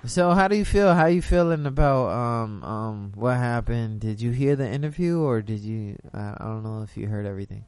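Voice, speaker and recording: A man's voice: medium pitch, normal speed, hardly any pauses, a little mellow, smooth, no room sound, some chatter behind. Rambling New man hosting a show. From the Bronx, New York. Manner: loose, rambling, keeps saying "you know what I'm saying". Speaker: host. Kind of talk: casual late-night show chat.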